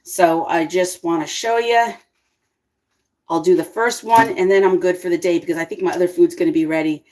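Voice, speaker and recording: A woman hosting her own cooking vlog, chatting casually with viewers, excitable and always exclaiming and laughing. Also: on the low side, moderate pace. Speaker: cooking vlogger and channel host.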